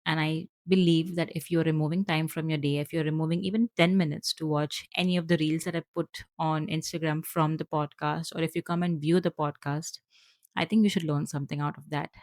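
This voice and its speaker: A woman with an Indian accent, hosting her podcast solo and talking fast and earnestly to her viewers, with frequent fillers. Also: low voice, fairly even intonation, dry recording. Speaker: podcast host.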